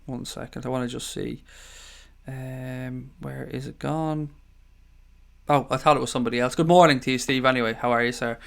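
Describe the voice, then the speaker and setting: A man's voice: medium pitch, steady tone, moderate pace, vocal fry, a bit bright. An Irish man hosting a casual live stream, reading out viewer comments and greeting people as mate and buddy. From Ireland. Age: adult father of young children.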